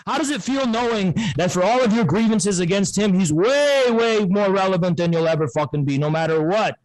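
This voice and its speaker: A man argues in a heated online debate, his voice sitting high. He is loud and abrasive and circles back to the same insults again and again. The sound is dry and close. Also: fairly quick, no echo, low-quality recording.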